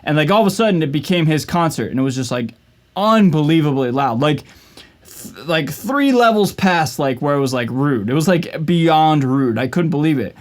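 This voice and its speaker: An upbeat, chatty man talks to his camera from his usual spot at home, his voice sitting a little high for a man. His speech is loose and casual and full of "man" and "like". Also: lively intonation, moderate pace. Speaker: vlogger and guitarist. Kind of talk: casual vlog talk to camera.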